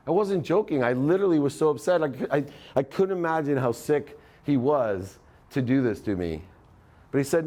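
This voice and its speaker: A man's voice: medium pitch, animated, a little fast, dark tone. A middle-aged man giving a live motivational talk, storytelling and acting out the voices in his story. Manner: storytelling, acts out quoted dialogue. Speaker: motivational speaker.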